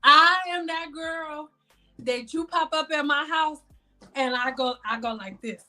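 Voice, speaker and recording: A woman hosting a casual hair care live stream, loud and dramatic, swearing and talking straight to her chat. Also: high voice, a little slow, soft background music.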